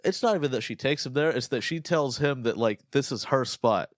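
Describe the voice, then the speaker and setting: A man's voice: medium pitch, a little fast, no echo, clean studio sound. A man co-hosting a podcast, rambling and joking crudely in casual comedic chat. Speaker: podcast co-host.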